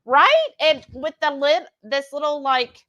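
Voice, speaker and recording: A woman's voice: high-pitched, big pitch swings, unhurried, pushed and bright. A woman co-hosting a live cooking stream, chatting and reading viewer comments aloud. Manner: chatty, reads comments aloud, laughs often. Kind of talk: casual chat while cooking.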